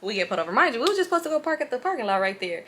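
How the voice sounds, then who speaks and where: A woman in her late twenties tells a wild story straight to her viewers in a casual vlog. Her voice is bright and forward, and she talks in an animated, slangy way with plenty of swearing. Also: a little high, rapid-fire, slight background noise. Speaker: vlogger.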